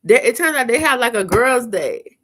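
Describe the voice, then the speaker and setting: Frank, animated woman telling stories. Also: a little high, normal speed. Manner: animated, acts out her own quoted reactions; frank and salty, with slangy talk. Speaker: vlogger hosting a live chat. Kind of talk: casual live-stream storytelling.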